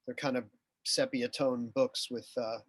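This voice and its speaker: Guy hosting an interview, halting, lots of uhs, mid-pitch voice. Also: steady tone, no room sound. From USA. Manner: halting, many fillers and restarts. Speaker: interview host. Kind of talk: casual interview chat.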